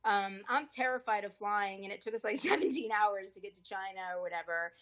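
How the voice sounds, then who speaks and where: An actress being interviewed on a podcast, telling a career story in a casual, lively way and acting out the people she quotes with changing voices. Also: medium pitch, fairly quick, muffled recording. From US East Coast. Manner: lively, acts out quoted dialogue with shifting voices.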